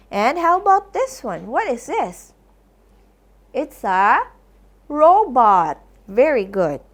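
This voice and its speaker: Kindergarten teacher, female, high and sing-song, very slow, careful phonics delivery. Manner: sounds out letters, warm coaxing praise. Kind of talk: slow phonics lesson for young children.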